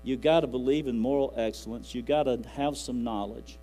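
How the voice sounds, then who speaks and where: A man's voice: medium pitch, a little fast, mellow, low-quality recording. Folksy preacher man. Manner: folksy, rambling, quotes scripture aloud. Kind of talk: sermon. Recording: faint music and mains hum.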